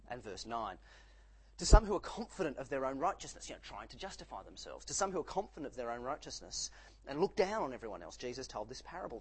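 A male pastor preaching a sermon, animated and acting out the voices he quotes. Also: mid-range voice, husky, low-quality recording.

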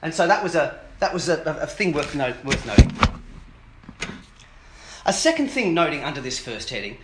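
A man preaching an Easter sermon, animated and fond of joking asides with the audience. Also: on the high side, moderate pace, very noisy. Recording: roomy hall with faint ambience.

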